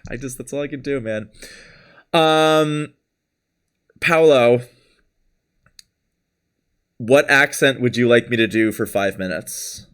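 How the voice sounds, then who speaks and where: A man's voice: mid-range voice, slow, long pauses, fairly bright tone, clear, resonant tone. A man hosting a live stream, chatting casually and rambling, laughing often and thanking viewers from chat. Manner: reads out chat names and thanks followers. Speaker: livestream host.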